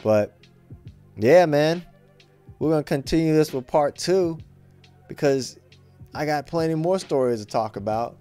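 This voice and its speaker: A man's voice: on the high side, animated, a little slow, long pauses, warm tone, faint music behind. A young man casually telling a rambling retail story, slangy and full of swearing and fillers.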